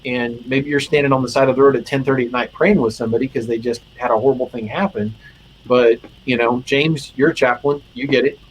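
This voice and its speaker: A man's voice: medium pitch, steady tone, a little fast, slight background noise, poor audio. A male chaplain telling heartfelt stories in a casual conversation, earnest and emotional, with lots of restarts. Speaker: guest chaplain.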